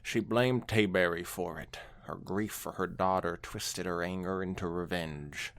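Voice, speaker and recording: A man's voice: low-pitched, fairly even intonation, unhurried, fairly bright tone. A man co-hosting a podcast, reading fan fiction aloud with dramatic narration and frequent laughter. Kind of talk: casual comedic reading and chat.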